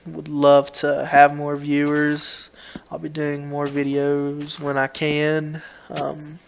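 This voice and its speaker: A man's voice: on the high side, completely flat delivery, slow, gravelly, clean tone. A man with a Southern US accent who hosts a gaming video, rambling through casual commentary at a home computer mic. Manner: rambling, repeats words and restarts, laid-back.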